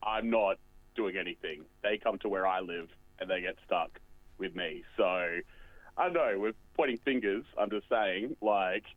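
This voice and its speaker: A man's voice: low voice, unhurried, no echo. A man voicing a lonely, self-pitying road bridge that rambles melodramatically, close to tears, as a guest on a comedy radio bit. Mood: sorrowful. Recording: tinny phone line.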